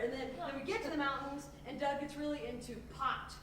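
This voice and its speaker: A woman performing a comic solo theater monologue on stage, telling her story in an animated, self-mocking way. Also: high-pitched, fairly quick. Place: theater stage before an audience. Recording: echoey live theater, distant mic, room noise.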